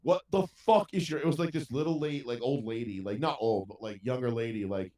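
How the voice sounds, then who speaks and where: A man's voice: mid-range voice, fast talker, darkish tone. A man telling a story in casual podcast chat, ranting with heavy profanity. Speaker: podcast co-host. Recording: roomy sound from a distant mic.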